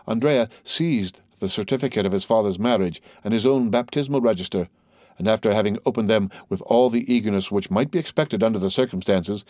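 A man narrating a classic novel in a steady, formal reading manner. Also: mid-range voice, no echo, clean studio sound. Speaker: audiobook narrator. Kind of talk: literary audiobook narration.

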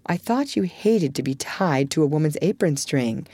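A spirited, blunt young woman, as a woman reading a storybook puts her on. She talks in a low, close, dry voice, brisk when she scolds and gentle when she comforts. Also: expressive, no echo. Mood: brisk teasing. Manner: brisk, scolding, then softly coaxing.

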